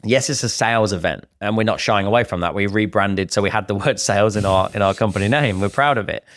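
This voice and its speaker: Lively man with a low, dry voice. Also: fast, no echo. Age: middle-aged. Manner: animated, acts out other people's remarks. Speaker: podcast co-host. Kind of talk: casual podcast conversation.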